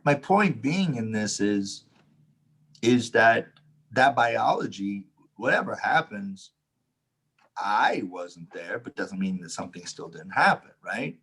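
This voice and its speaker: A man with a slightly low, husky voice spins a loose, profane story in casual conversation. He acts out the voices of the people in it and laughs his way through the telling. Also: slow pace. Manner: animated anecdote, acts out quotes, laughs often, swears. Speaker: Taoist teacher, podcast co-host.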